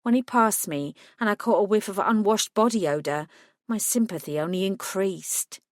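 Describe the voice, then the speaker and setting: A woman's voice: medium pitch, normal speed, no room sound, studio quality. A woman reading a first-person audiobook in a scripted narration style, voicing each character with small shifts.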